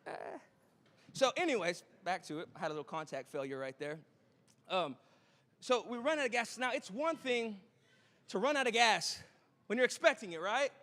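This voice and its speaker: A man, preaching a sermon as a pastor, chatty and joking with quick asides to the congregation. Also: high voice, sing-song, a bit bright. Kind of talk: sermon with a storytelling opening. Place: church auditorium. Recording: long hall reverb.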